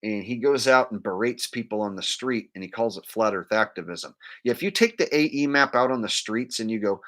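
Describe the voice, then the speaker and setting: A man rants bluntly on a live stream, his voice swooping widely in pitch. His tone is bright and forceful, with frequent fillers and blunt, scornful asides. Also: normal speed. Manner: animated, blunt, ranting, many fillers.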